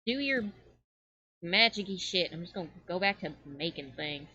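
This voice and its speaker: A woman voicing a gruff, foul-mouthed female dwarf smith who bellows and grumbles, in a tabletop game. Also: lowish voice, animated, normal speed, sharp tone, dull audio, exaggerated voice. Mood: grumpy.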